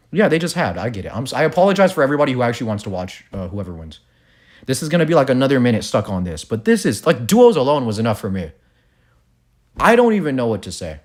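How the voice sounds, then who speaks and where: A man hosting a live watch-party stream, reacting in excitable, slangy talk with lots of swearing. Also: medium pitch.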